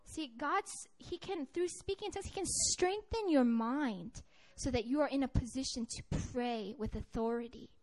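A woman's voice: sits high, animated, moderate pace, hardly any pauses, darkish tone. A woman giving a conversational, earnest sermon with a personal story to a group, often restarting her sentences. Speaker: preacher.

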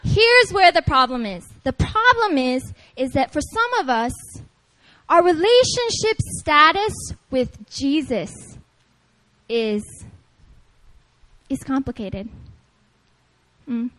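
A woman preaching at a prayer meeting, talking to the congregation in an animated, playful way and calling on them to respond. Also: sits high, slow pace, poor audio. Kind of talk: lively conversational sermon.

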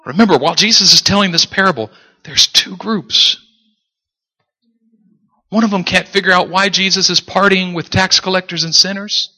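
A man preaches a sermon before a live congregation with animated storytelling that builds to emphatic peaks. His voice is high for a man, sharp and bright, with a husky edge. The church hall leaves a long reverb on every word. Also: normal speed.

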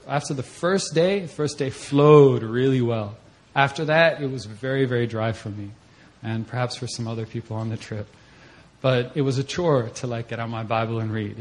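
A young man giving a personal testimony at a church service, telling the story in a conversational way and acting out his own reactions in a voice that jumps up high. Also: a little mellow. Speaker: church member giving a mission-trip testimony.

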